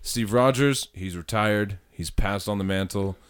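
Male podcast co-host, lowish voice, rambling casual talk. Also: measured pace, clear, resonant tone. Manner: rambling, thinks aloud with restarts. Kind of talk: casual chat.

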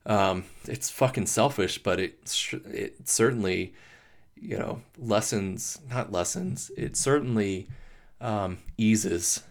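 A man hosting a podcast, talking through grief in a halting, emotional monologue, swearing and restarting often. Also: lowish voice. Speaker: podcast host. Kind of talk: personal reflective monologue.

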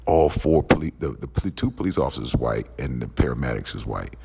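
A man's voice: extremely low pitch, expressive, a little fast, gravelly, dark tone, husky. A man delivering a heated, profane, repetitive rant as a podcast host. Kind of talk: angry ranting monologue. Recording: long echoing reverb.

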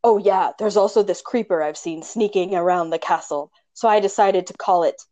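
A woman voicing a pompous old male king in a slightly deeper, deliberate voice, reading from a school play script. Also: warm tone, lightly acted. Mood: announcing.

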